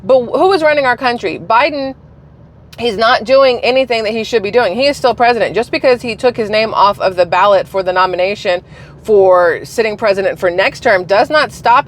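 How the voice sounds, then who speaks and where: A woman vlogger giving casual political opinion commentary, chatty and sarcastic, firing off rhetorical questions. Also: on the high side.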